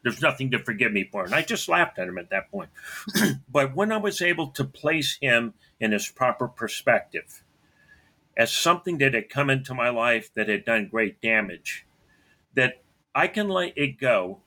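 A man telling a personal story about his father in an earnest way, often clearing his throat and acting out both sides of their talks. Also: mid-range voice, animated, measured pace, pushed and bright.

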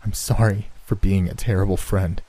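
A man voicing a despairing young man, speaking slowly and breathily. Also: low-pitched, steady tone, warm tone. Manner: breathy, slow and hopeless.

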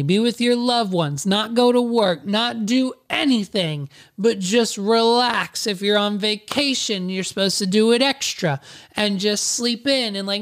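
A man's voice: high voice, fairly bright tone. Sarcastic man telling a rambling story. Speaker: podcaster. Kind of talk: casual comedic storytelling.

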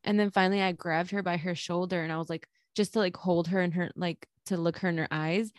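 A woman's voice: lowish voice, fairly even intonation, brisk, no room sound. A young woman co-hosting a podcast in casual chat, candid and laughing, swearing freely and slipping into Spanish phrases. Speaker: podcast co-host.

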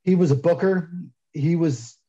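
A man talks as a podcast guest over slightly muffled, lo-fi audio. His voice sits a bit high but sounds mellow and dark in tone. He comes across opinionated and self-deprecating, and he gets animated when he argues. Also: a little slow. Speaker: guest soap maker. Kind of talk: casual podcast interview.

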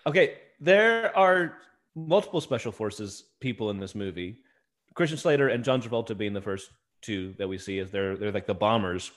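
A man's voice: fairly low pitch, animated, moderate pace. A man co-hosting a podcast, chatting casually and wryly about a movie. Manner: wry, amused, rambling. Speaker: podcast co-host.

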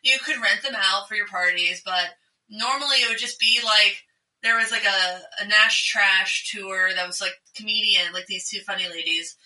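A woman co-hosting a podcast in casual chat, laughing often and talking in an animated way. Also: mid-range voice, moderate pace, reverberant, far from the mic, poor audio. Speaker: podcast co-host.

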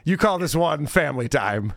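A man's voice: a little high, expressive, normal speed, vocal fry, no echo. A man co-hosting a podcast, chatting casually and mockingly about video clips, laughing often. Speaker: podcast co-host.

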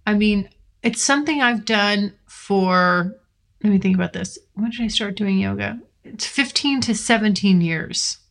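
A woman's voice: medium pitch, measured pace, gravelly, a bit bright. A woman hosting her own podcast, venting frankly and with plenty of swearing. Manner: frank and profane, venting with laughs. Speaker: podcast host. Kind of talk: candid solo podcast rant. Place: California. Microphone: filmed while recording.

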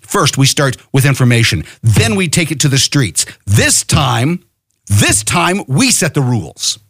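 A man's voice: mid-range voice, very animated, a little slow, fairly bright tone, breathy edge, no echo, studio quality. Fiery, profane man rallying listeners. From United States. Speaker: podcast host. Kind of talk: impassioned political monologue.

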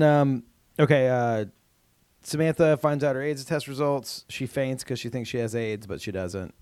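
A man's voice: fairly low pitch, darkish tone, no echo. A man co-hosting a podcast, chatting casually as he recaps a TV episode, with lots of "um" and "uh" and restarts. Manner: rambling with many fillers and restarts. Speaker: podcast co-host.

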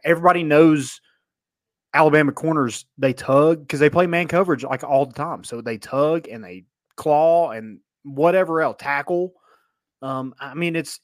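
A man's voice: medium pitch, no echo. A man co-hosting a casual sports podcast, agreeing and talking things through with many fillers. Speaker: podcast co-host.

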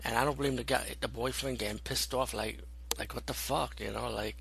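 A man's voice: medium pitch, fairly even intonation, brisk, vocal fry, a bit bright, slight background noise, rough recording. A young man giving a loose, rambling spoken movie review, full of fillers and swearing.

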